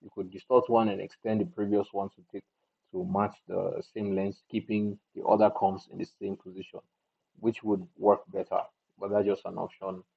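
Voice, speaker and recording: A man's voice: deep voice, level tone, normal speed, gravelly, slightly rough. A man casually walking through a video editing tutorial, thinking aloud as he goes and restarting his sentences. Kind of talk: casual screen-recorded tutorial. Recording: tinny phone-like audio.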